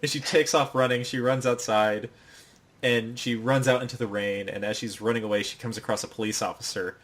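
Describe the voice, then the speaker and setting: A man co-hosting a casual podcast, retelling an anime scene by scene. He tells it with animated energy and breaks into the characters' voices. His voice sits in an ordinary middle register. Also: medium pitch, fairly quick. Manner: animated storytelling, acting out the characters' lines. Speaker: podcast co-host. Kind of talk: casual chat recapping an anime.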